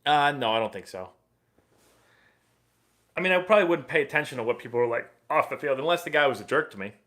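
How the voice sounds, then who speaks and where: Easygoing guy in his 30s, chatting through viewer questions on a live stream, mid pitch. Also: fast. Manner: relaxed, chatty, reads viewer questions aloud. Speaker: livestream host and former pro baseball player. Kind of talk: casual live Q&A chat.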